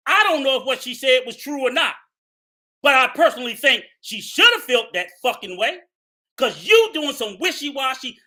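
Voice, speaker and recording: Guy going off in an angry rant, cussing, yelling a lot, swoopy tense voice. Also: very high-pitched. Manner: profane, heated, repetitive, often shouting.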